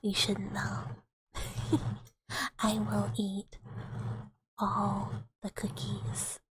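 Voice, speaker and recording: A woman streamer in soft, giggly, rambling whispered casual chat with a breathy voice. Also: medium pitch, monotone, drawn-out words, background noise.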